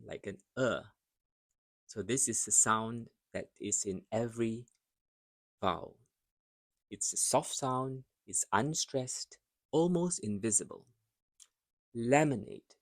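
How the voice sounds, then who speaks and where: A man teaching English pronunciation, carefully modelling words and phrases, then pausing so learners can repeat after him. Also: fairly low pitch, fairly bright tone, no echo, studio quality. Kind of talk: slow, deliberate pronunciation drill.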